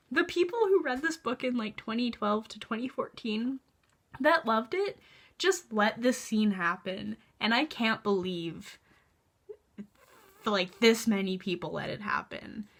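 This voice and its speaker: A young woman in her early twenties talks through a book in a casual vlog review. Her voice is bright and a little high. She is sarcastic, exasperated and chatty, with lots of filler words and the odd curse. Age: young adult.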